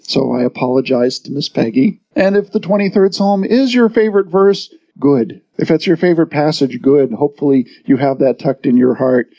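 Male pastor, somewhat high voice, folksy storyteller with humor, muffled lo-fi church recording. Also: a little mellow. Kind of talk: sermon. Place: church sanctuary.

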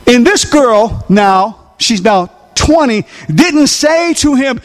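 A man's voice: extremely high pitch, lively intonation, slow, few pauses. A man preaching a sermon, telling a story with emphasis and asking the congregation questions.

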